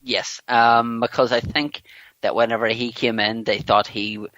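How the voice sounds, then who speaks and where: A man's voice: mid-range voice, level tone, a little slow, bright, forceful tone, no echo. A man talking as a podcast guest in casual chat, rambling with lots of "you know" and restarts. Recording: dull lo-fi dry recording.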